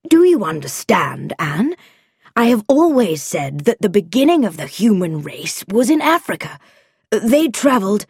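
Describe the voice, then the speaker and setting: A woman's voice: medium pitch, sing-song, unhurried, darkish tone, husky, no room sound, studio quality, full character voice. A woman reading the lines of an absent-minded elderly professor father in a storybook, fussy and mildly irritable. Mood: enthusiastic.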